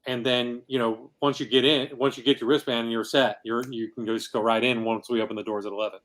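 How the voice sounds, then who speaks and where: Fast-talking man plugging his convention. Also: medium pitch, little pitch movement, fairly bright tone. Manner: eager, thankful, quick talker. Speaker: guest, convention organizer. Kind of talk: casual chat.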